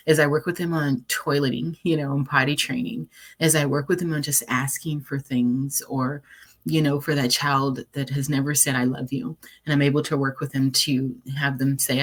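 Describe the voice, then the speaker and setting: A woman's voice: a bass voice, slightly rough. A woman life coach giving a recorded encouraging presentation, earnest and conversational, reading affirmations aloud with the odd repeat and filler.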